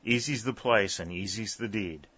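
A man's voice: on the low side, normal speed, sharp tone, slightly rough. A man voicing an easygoing frontier scout in an audiobook, with a drawling, folksy way of talking. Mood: confident. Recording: slightly dull, dry recording.

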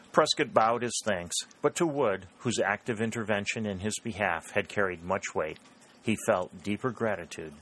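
A man narrating an audiobook in a steady, even reading voice. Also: on the low side, moderate pace, slightly rough, rough recording. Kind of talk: scripted narration of a historical novel.

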